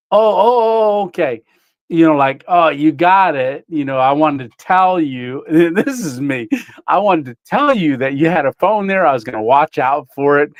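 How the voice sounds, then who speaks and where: A man's voice: a little high, dry recording. Chatty man hosting a casual livestream. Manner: rambling storyteller, frequent fillers and laughs. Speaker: livestream host. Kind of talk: casual livestream chat with viewers.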